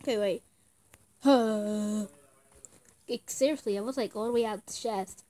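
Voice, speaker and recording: A woman's voice: mid-range voice, unhurried, pauses often, mellow. A young woman giving casual gameplay commentary in short outbursts, often screaming and laughing. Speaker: gamer.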